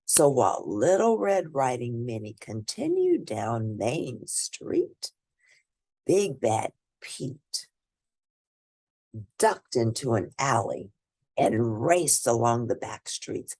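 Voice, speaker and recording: A woman reads a children's storybook aloud slowly and expressively, swinging her pitch widely up and down. Her voice is very low, warm and gravelly. The recording is dry and of studio quality.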